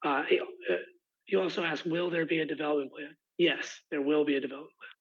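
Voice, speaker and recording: Hoarse man, fairly high voice, halting and apologetic, muffled lo-fi call audio. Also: fairly even intonation. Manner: halting, many restarts and fillers, apologetic. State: hoarse, has lost his voice. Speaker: rezoning applicant's representative. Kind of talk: answering residents' questions at an online meeting.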